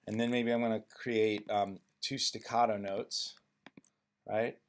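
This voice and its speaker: A man presenting a music software tutorial, thinking aloud with frequent ums and restarts as he works. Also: fairly low pitch, level tone, unhurried. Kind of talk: screen-recorded software tutorial.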